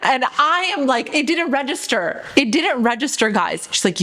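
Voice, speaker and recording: A woman co-hosting a podcast, telling a story in casual chat, animated and full of "girl" and "okay". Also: high-pitched, moderate pace, hardly any pauses. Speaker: podcast co-host.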